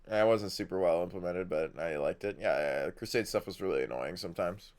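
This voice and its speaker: A man streaming a game, chatting casually in a rambling way and swearing now and then. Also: sits low. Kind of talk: casual gameplay commentary. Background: faint game music.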